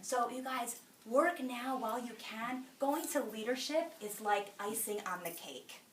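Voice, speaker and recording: A bright-voiced woman gives a lively motivational talk at a group meeting, acting out conversations as she tells her stories. Her voice is somewhat high and carries into an echoey room, picked up from a distance with faint background noise. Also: unhurried. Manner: animated storyteller, acting out dialogue. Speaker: sales director speaking at a meeting.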